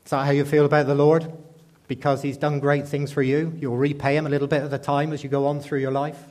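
A man's voice: on the high side, little pitch movement, fast talker, a little mellow. A man preaching a sermon in a conversational way, often asking the congregation rhetorical questions.

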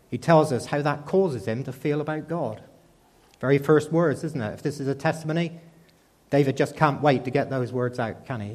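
A man's voice: mid-range voice, darkish tone. A man preaching a sermon in a conversational way, often asking the congregation rhetorical questions.

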